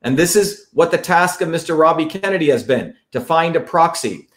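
A man from India gives a fiery political monologue as the host of his show. He hammers his points home by repeating them, rallying his listeners. His voice sits somewhat high for a man. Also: expressive, normal speed. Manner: emphatic, repetitive, rallying.

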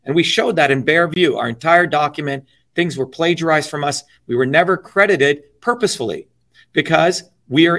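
A middle-aged man talking politics in an interview, emphatic and blunt, swearing freely and filling pauses with "you know". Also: a little high, vocal fry, a bit bright. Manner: emphatic, blunt and profane, with many you-knows. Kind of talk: impassioned political talk.

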